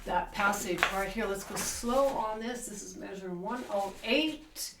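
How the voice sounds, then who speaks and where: A woman's voice: medium pitch, unhurried, distant mic. A woman teaching piano, counting beats and singing rhythms aloud while she plays, emphatic and enthusiastic about accents and articulation. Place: room with a piano. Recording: roomy, from off-mic, loud piano. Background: piano playing.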